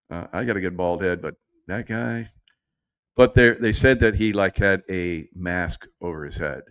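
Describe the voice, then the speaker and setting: Smooth low-voiced man, chatty commentary. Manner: chatty, laughs often, drifts off point. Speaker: show host. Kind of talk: casual commentary.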